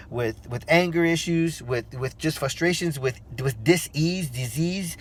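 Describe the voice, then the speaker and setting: Earnest man telling a personal story. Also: fairly high pitch. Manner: earnest, heartfelt, pauses with um. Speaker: motivational speaker and author.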